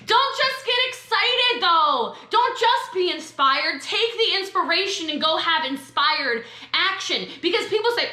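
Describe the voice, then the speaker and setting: A woman's voice: very high-pitched, expressive, pushed and bright, echoey room. A woman giving a sassy, emphatic motivational training talk to network marketers. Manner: sassy, emphatic, quick asides.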